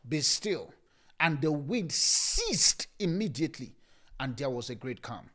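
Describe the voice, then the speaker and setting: A man with a Nigerian accent preaching a sermon as a pastor, shouting scripture lines and then dropping to a calm, hushed voice. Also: fairly high pitch, measured pace.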